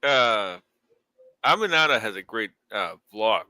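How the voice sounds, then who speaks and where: A man co-hosting a wrestling podcast in casual chat, halting with many fillers and then jumping into sudden lively bursts. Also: on the low side, clear, resonant tone, no echo, poor audio. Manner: halting, full of uhs and likes, then lively spikes. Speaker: podcast co-host. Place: home setup on a live stream call.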